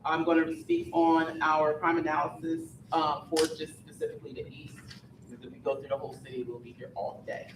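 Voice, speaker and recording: A man with a fairly high voice gives a plain, tired rundown of recent crime at a community forum. He stumbles now and then but keeps a steady reporting tone. The sound is roomy and distant, with clear noise behind him. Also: brisk. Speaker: police detective. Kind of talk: public forum briefing. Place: community meeting room. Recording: echoey room recorded from afar, noisy.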